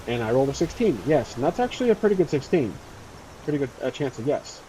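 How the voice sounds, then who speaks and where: A man plays through a solo tabletop game on his own, narrating casually and rambling with lots of fillers. His voice sits at a middle pitch, and faint rain sounds behind him. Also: sing-song, quick pace, warm tone, slight background noise, low-quality recording. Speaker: solo tabletop role-player.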